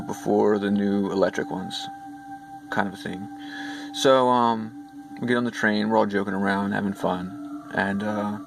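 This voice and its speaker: A man with a low, gravelly voice casually retells a dream in a loose, rambling way, full of fillers and restarts. Clear music plays steadily behind him. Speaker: vlogger recounting dreams. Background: background music.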